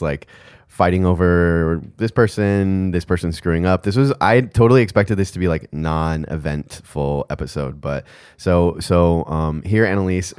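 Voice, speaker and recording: Man, podcast co-host, very low voice, animated and laughing, dry close sound. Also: no echo. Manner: animated, laughing, stumbling restarts. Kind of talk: casual recap chat.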